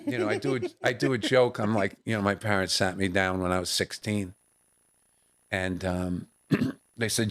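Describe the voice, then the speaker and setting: A man's voice: fairly low pitch, normal speed. A middle-aged male comedian chatting in an interview, telling family stories with lots of fillers and bursts of laughter. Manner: animated storyteller who acts out family voices. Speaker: guest comedian. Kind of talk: casual storytelling interview.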